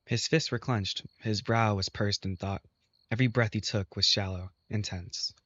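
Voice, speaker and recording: A man narrating a visual novel in steady first person. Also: lowish voice, moderate pace, no echo, lo-fi sound. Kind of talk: reading a game aloud.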